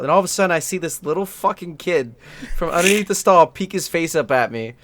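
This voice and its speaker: A man's voice: on the high side, expressive, quick pace, background noise. A young man hosting a podcast on a voice call, telling a story in a profane, laughing way. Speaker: podcast host. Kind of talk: casual chat on a call.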